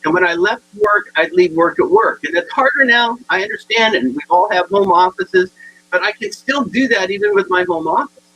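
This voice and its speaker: A man's voice: sits high, expressive, moderate pace, pushed and bright, breathy edge, rough recording. A man giving a humorous motivational talk, telling stories and acting out the people in them, with frequent stammered restarts. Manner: storytelling with acted-out quotes and repeated punchlines. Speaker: motivational speaker.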